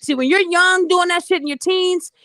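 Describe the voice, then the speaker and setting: Blunt high-voiced woman host, dry sound. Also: fairly even intonation, moderate pace, pushed and bright, dry recording. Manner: blunt, profane, addresses listeners as guys. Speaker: podcast host. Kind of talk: casual storytelling to live listeners.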